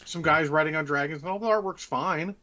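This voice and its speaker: A man's voice: a little high, fast talker, pushed and bright, muffled recording. A man co-hosting a casual podcast chat, blunt and full of profane rants. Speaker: podcast co-host.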